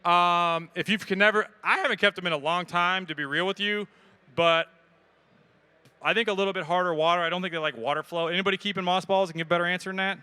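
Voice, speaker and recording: A man, answering questions from an audience at a live expo talk in a casual, joking, energetic way. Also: sits high, fast, clean tone. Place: event hall with audience.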